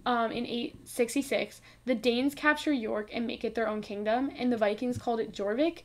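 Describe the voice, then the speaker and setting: A woman's voice: on the high side, normal speed. A woman co-hosting a podcast, explaining a history segment at length in a loose, informal way. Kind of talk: casual chat.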